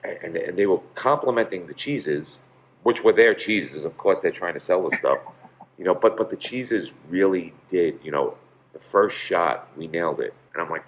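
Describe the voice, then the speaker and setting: A man's voice: low voice, lively intonation, normal speed. A man, a pizzeria owner, telling stories in a casual interview, rambling with many fillers.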